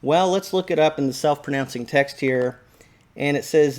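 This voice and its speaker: A man's voice: on the high side, moderate pace, darkish tone. Chatty man hosting a casual explainer. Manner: conversational and light-hearted, asks viewers questions. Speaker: video host discussing Bible pronunciation. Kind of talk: casual explanatory talk to camera.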